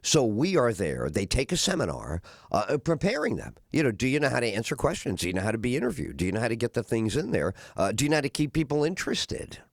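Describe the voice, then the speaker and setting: Middle-aged male talk host, rambling monologue, very lively pitch, dry booth sound. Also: quick pace, creaky, few pauses, dry recording. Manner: rambling, animated, acts out voices of others. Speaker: radio talk show host. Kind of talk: casual monologue.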